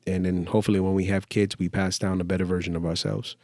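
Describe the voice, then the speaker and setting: A man in casual podcast chat with a lowish voice and blunt, slangy speech. He often sinks into a quieter mumble at the end of thoughts. The sound is dry and close, with little room around it. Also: level tone, fast talker, no echo. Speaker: podcast co-host.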